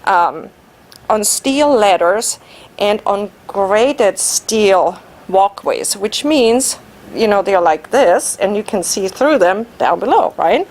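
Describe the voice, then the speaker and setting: A woman whose first language is German, giving an animated personal story speech at a club meeting and laughing at herself. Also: medium pitch, slow. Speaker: Toastmasters speaker.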